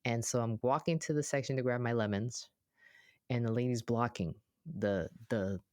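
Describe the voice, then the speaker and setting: A therapist co-hosting a podcast, chatting casually and telling everyday stories with lively acted-out quotes. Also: medium pitch, moderate pace, dry recording, studio quality. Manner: animated storyteller who acts out quoted voices.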